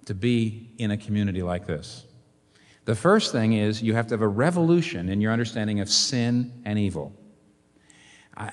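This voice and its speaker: A man preaching a sermon as pastor, in an animated way full of rhetorical questions. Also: fairly low pitch. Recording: long hall reverb.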